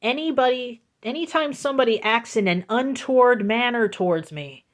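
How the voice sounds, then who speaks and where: A woman telling a storytime vlog into her phone, slow, deliberate and emphatic, repeating her points for weight. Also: fairly high pitch, expressive. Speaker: vlogger.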